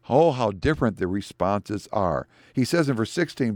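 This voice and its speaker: A middle-aged male pastor preaching a sermon, animated and climbing high in pitch whenever he quotes scripture. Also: moderate pace, no room sound, studio quality.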